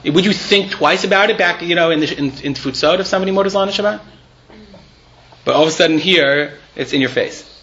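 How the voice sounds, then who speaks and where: A man's voice: fairly high pitch, brisk, bright, forceful tone, muffled recording, a little hiss or hum. A man teaching a live Torah class. He reads Hebrew and Aramaic passages aloud, explains them conversationally and asks his students questions.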